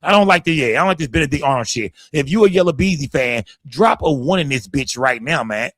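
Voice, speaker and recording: A man from Dallas, hosting a casual livestream, talking in a rambling, profane, animated way into a close mic. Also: on the high side, quick pace, dry recording. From Dallas, Texas. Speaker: livestream host. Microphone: streaming setup, close mic.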